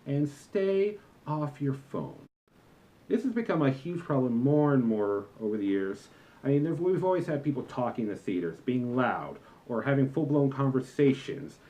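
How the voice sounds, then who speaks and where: A man's voice: mid-range voice, expressive, moderate pace, warm tone, rough recording. A young man in a comedic vlog rant about customers, talking in an exasperated, lecturing and emphatic way. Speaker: vlogger, former movie theater employee.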